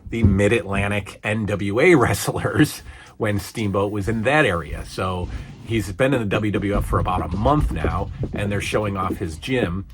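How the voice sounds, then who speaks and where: A man in his forties casually reviewing an old wrestling broadcast, rambling and chatty with lots of fillers and restarts. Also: fairly low pitch. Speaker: podcast host reviewing old wrestling shows.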